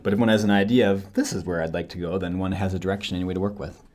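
A young adult man from Wisconsin, an actor talking about his career in an animated, relaxed interview. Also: deep voice, rapid-fire. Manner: animated, switches into playful accents. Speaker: actor, podcast guest.

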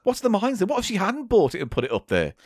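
Wry man with lively speech. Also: high-pitched, fast, dry recording, clean studio sound. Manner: wry, deadpan teasing, swears freely. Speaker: podcast co-host. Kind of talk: casual comedy chat.

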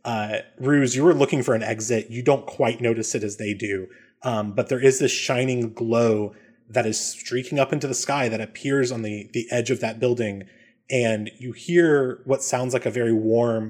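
Male game master, easygoing narration with plenty of filler ums, average pitch. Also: moderate pace. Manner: relaxed, many ums and uhs.

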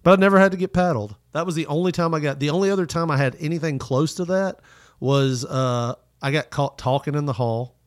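A man tells a story in an animated, profane way, slipping into voices for the people in it. His voice sits a little high. The sound is dry and close to the mic. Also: fairly quick, no room sound. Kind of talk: casual storytelling chat.

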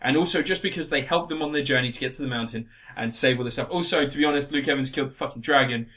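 A man in casual chat, sarcastically retelling a film plot with lots of swearing and animated asides. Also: mid-range voice, rapid-fire. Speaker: podcast co-host reviewing a film.

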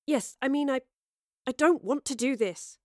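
A woman voicing a young female undercover officer who talks in a halting, defensive, self-reproaching way. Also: high-pitched, animated, no room sound, studio quality, voice pushed up. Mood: flustered. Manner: halting, defensive, stumbling over words.

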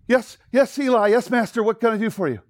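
A man's voice: sits high, animated, unhurried, clean tone, no room sound, studio quality, pitched above the performer's own voice. A man voicing an eager young servant boy who keeps answering his master in a sermon story. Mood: eager, high.

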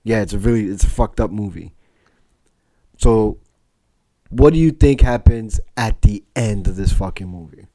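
A man's voice: fairly low pitch, moderate pace, pauses often, warm tone. A man in a heated casual movie debate, swearing often and cutting in to argue his point. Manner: profane, interrupts, argues emphatically.

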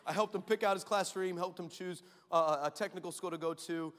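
A man with a high, bright voice preaches a story-driven sermon. He acts out every quoted line and laughs often. His voice rings through a large hall with a long echo. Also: steady tone, a little fast, slight background noise. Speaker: pastor. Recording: reverberant church hall.

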